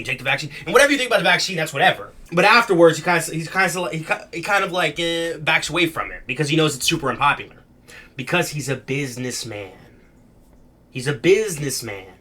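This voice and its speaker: A young man delivers casual reaction commentary in a bright, forceful voice that sits a little high. His talk is blunt and slangy, full of emphatic asides. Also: breathy edge.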